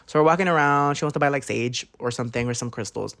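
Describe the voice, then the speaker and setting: A young man hosting a podcast, telling a story in an animated, gossipy way, swearing often and saying "like" constantly. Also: medium pitch, quick pace, vocal fry. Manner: animated, gossipy, profane, heavy use of "like". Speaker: podcast host. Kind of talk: casual storytime monologue.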